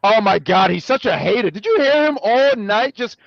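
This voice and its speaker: Lively high-voiced joking man. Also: normal speed, creaky, no echo, muffled recording. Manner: animated, joking, self-correcting. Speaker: co-host. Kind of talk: casual review chat.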